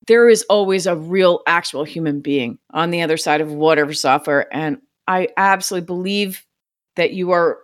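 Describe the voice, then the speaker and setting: A woman, a podcast guest who created open source software, telling a story in a casual chat, acting out quotes and swearing casually. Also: fairly low pitch.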